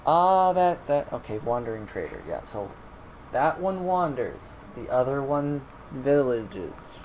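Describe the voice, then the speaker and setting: A man's voice: mid-range voice, very animated, unhurried, a little mellow, a little hiss or hum, low-quality recording. Rambling man narrating his gameplay. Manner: rambling, self-correcting, mildly exasperated. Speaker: gaming streamer. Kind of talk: casual gameplay commentary.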